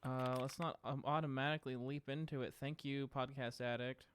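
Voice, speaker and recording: A man hosting a casual livestream from home, talking in a relaxed, rambling way with lots of filler sounds. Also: medium pitch, moderate pace, a little hiss or hum. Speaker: podcast host streaming live.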